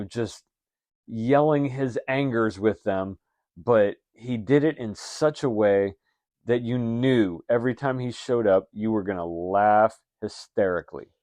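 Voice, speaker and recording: A man co-hosting a casual chat, easygoing and deliberate as he sums things up. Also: medium pitch, a little mellow, dry recording. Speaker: wrestling podcast co-host.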